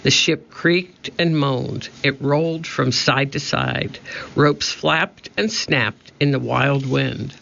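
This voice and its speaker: A man narrating a children's storybook with slow, measured reading. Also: medium pitch, vocal fry, bright, forceful tone, slight background noise. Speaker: audiobook narrator. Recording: dull lo-fi recording.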